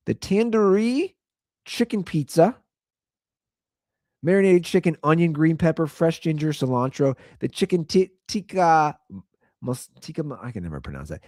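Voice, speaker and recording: A man holds forth on his own talk show in a loose, ranting way. His pitch jumps all over as he builds to incredulous peaks and then drops low again. The sound is close and dry, with no room around it. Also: normal speed, no echo. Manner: incredulous, repeats lines for comic emphasis; animated storyteller, swings between loud and low. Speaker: podcast host. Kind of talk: casual comedic rant.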